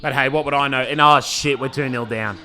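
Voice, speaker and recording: Excitable Australian man commentating football. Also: medium pitch, fairly quick. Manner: laid-back banter, says "man" a lot, excitable on attacks. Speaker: club owner commentating his team's match video. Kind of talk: casual play-by-play commentary.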